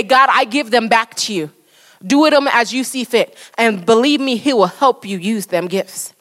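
A woman's voice: on the high side, long reverb tail. A woman preaching a sermon with fervent, repetitive exhortation.

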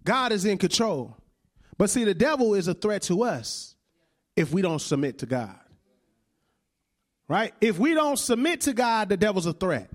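A preacher in his thirties, with a high, sing-song voice, gives a conversational sermon at a moderate pace with long pauses. He keeps checking in with "right?" and laughs along with the congregation.

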